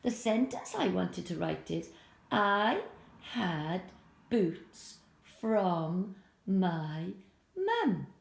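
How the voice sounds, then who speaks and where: A middle-aged woman with a Welsh accent teaches young children phonics, slowly stretching out each sound. Her pitch swings widely in a sing-song way, with a slightly gravelly edge. She is recorded at home, a few feet from the camera. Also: big pitch swings. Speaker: primary school teacher. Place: home, filming alone.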